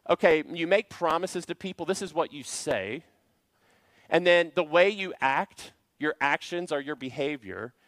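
A man's voice: fairly high pitch, fairly bright tone, no echo. A man preaching a sermon to a church congregation, earnest and full of rhetorical questions. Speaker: pastor. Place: church service.

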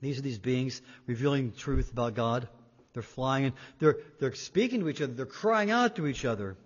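A man preaching a sermon, emphatic, swinging between loud and quiet and repeating words for weight. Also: medium pitch, lively intonation, normal speed. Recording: dull sound in a reverberant hall.

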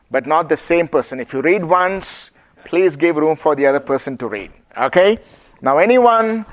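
A man with an Indian accent teaching the Bible to a group and asking them questions. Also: on the high side. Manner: asks the audience questions, lively and engaging. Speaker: preacher.

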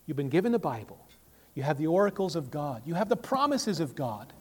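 A male pastor preaching a sermon, emphatic, with sharp swings from loud to quiet and many rhetorical questions. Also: fairly high pitch, sing-song, a little fast, breathy edge. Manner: emphatic, rises and falls sharply in volume, asks rhetorical questions. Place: church sanctuary. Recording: long reverb of a church hall.

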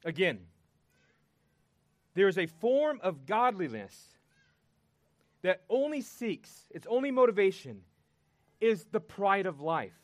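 A man preaching a sermon, earnest and emphatic, pausing and repeating words for weight. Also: sits high, very animated, no echo.

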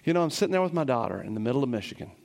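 A middle-aged male preacher giving a sermon, shifting between slow, hushed scripture reading and lively, excited storytelling. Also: mid-range voice, vocal fry, in a large hall. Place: church sanctuary.

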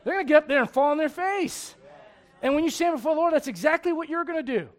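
A male pastor delivering a sermon in a notably high voice. He presses his points with rhetorical questions and moves from loud urgency to a hushed, grave tone. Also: lively intonation, quick pace. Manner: emphatic, many rhetorical questions; swings between loud urgency and hushed gravity.

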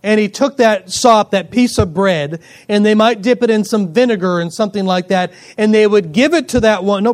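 A male pastor preaching a sermon, swinging between loud emphatic lines and quiet asides, joking with the congregation. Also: high voice, moderate pace, few pauses. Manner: jokes with the congregation.

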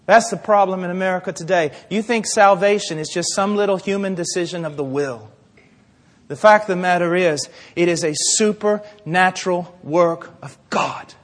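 A male preacher with a very high voice, delivering a dramatic sermon in a church. He drops to hushed asides, then builds to shouts, and acts out little scenes with voices. A long reverb of a large hall trails every phrase. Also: moderate pace.

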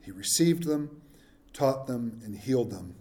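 A pastor preaching a sermon in a humorous, conversational way, often putting questions to the congregation. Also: male voice, mid-range voice, animated, measured pace, dark tone, reverberant.

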